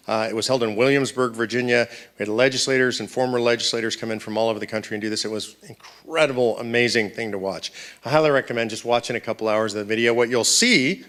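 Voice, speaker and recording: A man's voice: medium pitch, a bit bright. A man giving a conversational, emphatic lecture to university students, with many rhetorical questions. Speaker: speaker at a political event.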